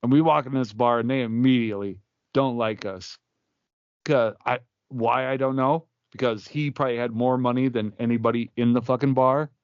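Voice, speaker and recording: Male comedian co-host, rambling storyteller, mid-pitched, dry and muffled podcast sound. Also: steady tone, moderate pace, smooth, dry recording. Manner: rambling anecdotes with restarts and acted-out quotes. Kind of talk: casual podcast banter.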